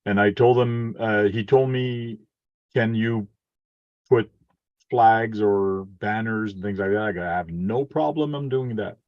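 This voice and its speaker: A man's voice: lowish voice, measured pace, no echo. A man chatting casually with a friend on a livestream, laid-back and brief in his replies. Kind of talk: casual chat. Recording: dull, dry lo-fi audio.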